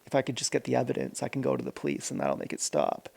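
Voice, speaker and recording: A man's voice: medium pitch, very animated, very fast, gravelly, darkish tone, slight background noise. A man vlogging a rambling, earnest personal monologue, often stopping to correct himself.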